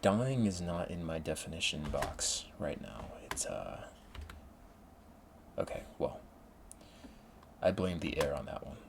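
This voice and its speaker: A man's voice: a bass voice, noisy background. A man chatting casually at home while studying and gaming, rambling with self-mocking asides. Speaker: vlogger studying for an exam.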